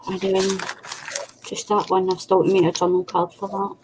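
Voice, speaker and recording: A woman's voice: medium pitch, flat delivery, normal speed, noisy background. A Scottish woman hosting a craft stream, chatting in a rambling, self-deprecating way. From Scotland. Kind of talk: casual chat while crafting. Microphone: video call setup.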